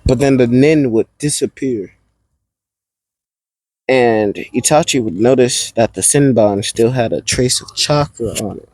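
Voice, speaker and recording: A man's voice: medium pitch, a little slow, a little mellow, no room sound, poor audio. A man telling an improvised fan story aloud, rambling along and stopping to restart parts.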